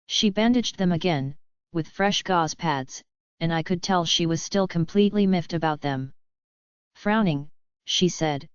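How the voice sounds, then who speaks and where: A woman reading a first-person audiobook in a steady, measured way. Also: fairly low pitch, clear, resonant tone, dry recording. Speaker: audiobook reader. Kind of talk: scripted narration. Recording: dull lo-fi audiobook recording.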